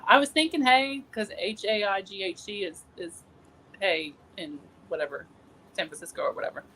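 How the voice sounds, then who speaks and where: A woman's voice: medium pitch, moderate pace, sharp tone, poor audio. Casting: jokey American woman, casual podcast chat, light hiss behind. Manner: playful, jokey. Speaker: podcast co-host.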